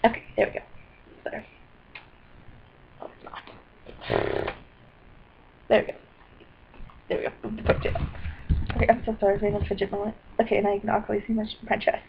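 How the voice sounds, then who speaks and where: A woman's voice: on the high side, moderate pace, vocal fry, pauses often, a little hiss or hum. Rambling, apologetic young-sounding woman on a webcam. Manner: scattered and apologetic, with excited bursts. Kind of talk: rambling personal video diary. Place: indoors at a computer. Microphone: built-in computer webcam mic. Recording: dull lo-fi webcam audio.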